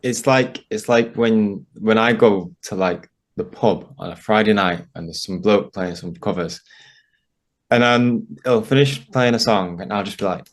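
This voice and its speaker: A man's voice: fairly low pitch, measured pace. A man who is a musician, a guest on a podcast, chatting casually with laid-back, dry asides. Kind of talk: casual chat.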